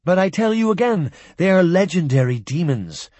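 A man's voice: high voice, unhurried, darkish tone, no room sound, voice pushed up. A man voicing an insistent alien who keeps protesting that the old tales are true. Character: alien male Moti insisting on legends.

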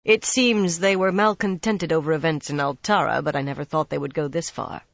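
Narrator doing a deep smooth sly guy, polished and menacing, dry dull recording. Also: fairly even intonation, brisk, a bit bright, dry recording. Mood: smooth, wary. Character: smooth, poised, menacing grown man.

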